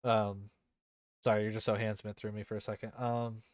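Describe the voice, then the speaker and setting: Male podcast host, casual gaming talk, smooth clear voice, dry close sound, rambling and loose. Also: on the low side, level tone, a little fast, dry recording. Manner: rambling, heavy use of fillers and swearing.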